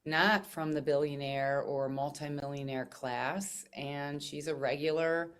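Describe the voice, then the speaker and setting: A woman's voice: deep voice, fairly even intonation, unhurried, smooth. A woman running for state office, answering interview questions in an earnest, plain-spoken way. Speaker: candidate for state senate. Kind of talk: interview guest.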